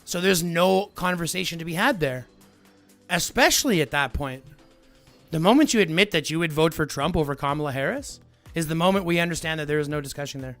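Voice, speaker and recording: A man's voice: on the high side, brisk, a bit bright, faint music behind. Combative man lecturing his stream chat. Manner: combative, lecturing, repeats himself. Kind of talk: heated live-stream argument with chat.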